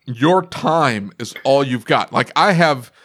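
A man's voice: medium pitch, animated, slow, fairly bright tone. A man hosting a podcast, talking about running his repair shop in a casual, emphatic way, repeating his points and laughing often. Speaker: podcast host and auto repair shop owner.

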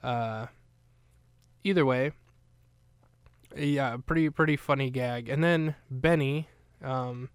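A man's voice: medium pitch, slow, pauses often, clean tone, dry recording, clean studio sound. A man hosting a podcast, recapping a film in casual, rambling chat full of fillers and restarts. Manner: rambling, chatty, with many fillers.

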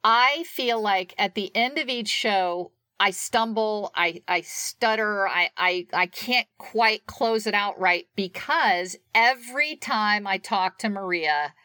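A woman's voice: medium pitch, slow, hardly any pauses, pushed and bright, no room sound. A woman co-hosting a podcast in casual chat, chatty and often laughing. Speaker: podcast co-host.

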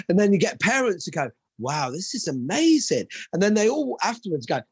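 Husky irish guy, martial arts coach, super animated storytelling, dry close sound. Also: a little high, quick pace, few pauses, dry recording. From Ireland. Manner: animated storyteller, acts out dialogue. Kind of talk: casual podcast chat.

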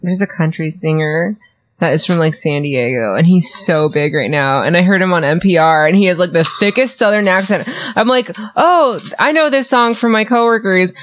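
A woman's voice: low voice, a little fast. A woman in a casual podcast chat, cursing freely as she tells a story. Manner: swearing, animated storytelling.

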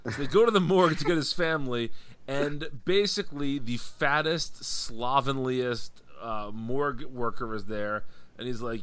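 A man's voice: medium pitch, normal speed, fairly bright tone, smooth. Wry man recapping a comic on a podcast. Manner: wry, recaps plots by acting out characters' lines. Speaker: podcast co-host. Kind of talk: casual comic book podcast chat.

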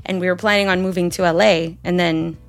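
A woman's voice: fairly low pitch, steady tone, fast, faint music behind. A woman hosting a casual interview, chatting and sharing her own experience with sympathetic interjections. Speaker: host.

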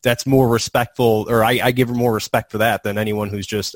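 A man's voice: fairly low pitch, little pitch movement, no echo. A man co-hosting a podcast, speaking earnestly in casual chat with frequent restarts and repeated words. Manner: earnest, halting, many restarts. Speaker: podcast co-host.

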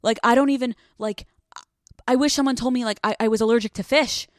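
A woman's voice: fairly high pitch, steady tone, a little fast, no echo, clean studio sound. A woman in her thirties hosting a casual solo podcast, talking in a candid, profane, self-mocking way with lots of fillers and restarts. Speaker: podcast host.

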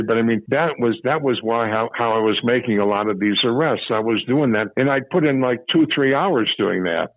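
A gravelly, medium-pitched man's voice comes through with phone-quality sound. He's an older former Chicago police officer telling career stories in an interview, rambling and repeating himself as he remembers.

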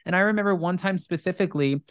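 Animated chatty woman telling a bar story. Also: quick pace, dry recording, studio quality. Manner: animated storyteller, acts out quotes in high voices; frequent "like" fillers, swears casually. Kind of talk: casual storytelling chat.

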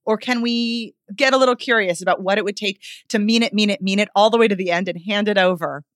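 A woman vocal coach giving expressive feedback on voices in a podcast conversation. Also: mid-range voice, fast talker, dry recording, clean studio sound. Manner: expressive, demonstrates vocal points.

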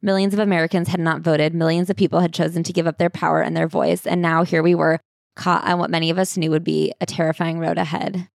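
A woman co-hosting a book-club podcast with a low, gravelly voice. She reads passages aloud and adds wry asides. The sound is dry and close. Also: level tone, fast, no echo. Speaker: podcast co-host. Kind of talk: casual book-club chat.

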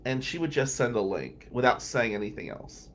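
A man's voice: medium pitch, sing-song, normal speed, a bit bright, slight background noise. A man from New Jersey, a podcast host and defense lawyer, telling casual, blunt stories in tribute. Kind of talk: storytelling tribute.

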